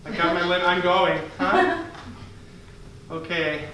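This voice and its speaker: A man's voice: sits high, sing-song, slow pace, slight background noise, heavily acted. A man playing an impatient middle-aged man complaining about a long wait. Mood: irritated. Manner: grumbling, quietly fed up. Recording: echoey stage from far off.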